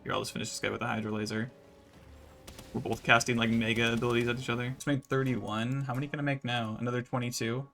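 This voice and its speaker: Gaming YouTuber, male, gravelly, mid-range pitch, loose rambling commentary over gameplay. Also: fast, soft background music. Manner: relaxed, rambling, many fillers.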